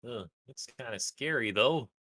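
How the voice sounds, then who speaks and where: A man's voice: medium pitch, animated, normal speed, bright, forceful tone, no echo. A man voicing a nervous, hesitant male villager in a tabletop game. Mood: uneasy. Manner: hesitant and fretful.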